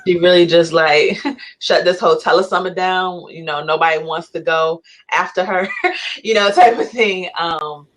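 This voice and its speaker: A woman's voice: fairly low pitch, steady tone, moderate pace, rough recording. A woman co-host giving a rambling, admiring tribute with many "you know" and "like" fillers. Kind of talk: casual chat, tribute.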